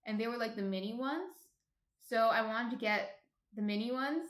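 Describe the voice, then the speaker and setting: A woman with a New Jersey accent hosting a casual live cooking stream from home, chatty and quick to laugh as she reads out chat messages. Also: on the high side. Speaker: stream host, baker. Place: home apartment. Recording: roomy echo.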